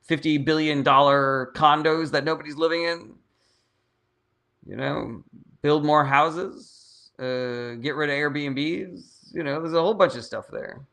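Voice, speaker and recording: On a casual livestream Q&A, a political host reads viewer comments aloud and answers them bluntly, swearing often. His voice is on the high side and fairly bright, and he speaks unhurriedly.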